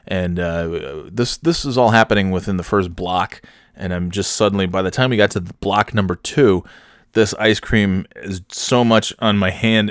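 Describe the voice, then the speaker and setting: A man's voice: lowish voice, no room sound, clean studio sound. A man telling a rambling comic story about himself, self-mocking and swearing freely. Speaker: comedian storyteller.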